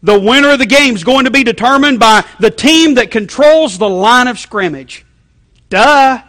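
A self-important male football analyst delivers obvious keys to the game with exaggerated gravity, a preacher putting him on. The voice is pushed loud and well above the man's normal register, mocking and emphatic. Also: extremely high pitch, animated, normal speed, long reverb tail, voice pushed up. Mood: mock solemn. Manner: overly earnest, emphatic, mocking.

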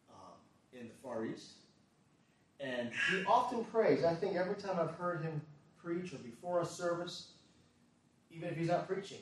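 A man preaching a sermon as a pastor, earnest, moving between quiet asides and forceful emphasis. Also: on the high side. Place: church. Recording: echoey church hall, mic at a distance.

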